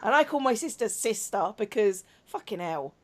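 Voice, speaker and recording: A woman chatting casually while playing a game, loud, giggly and excitable. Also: medium pitch, moderate pace. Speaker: game streamer. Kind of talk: casual gaming chat.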